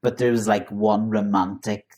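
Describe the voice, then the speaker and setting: A man co-hosting a podcast, chatting casually with quick, joking banter. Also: fairly low pitch, little pitch movement, a little mellow. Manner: playful, bursts into snatches of song. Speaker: podcast co-host. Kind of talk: casual chat.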